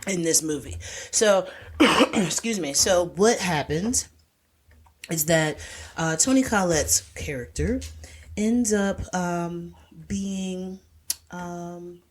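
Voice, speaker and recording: A woman's voice: on the low side, slow. A woman, casually chatting as a podcast co-host and recapping a movie with lots of fillers and playful asides. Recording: podcast voice recording.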